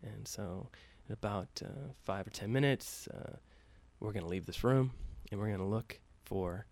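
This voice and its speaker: A man's voice: fairly low pitch, moderate pace, gravelly, a little mellow, no room sound. A man telling a story casually, with loose profane talk and many fillers, acting out the quoted lines lightly.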